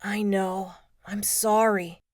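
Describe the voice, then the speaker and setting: Woman voicing a soft-spoken, caring teen boy, dry close read, little change from narration. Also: mid-range voice, flat delivery, slow, dry recording, natural voice. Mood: tender. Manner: soft, comforting. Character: teenage boy, tender and reassuring. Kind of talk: audiobook character voice.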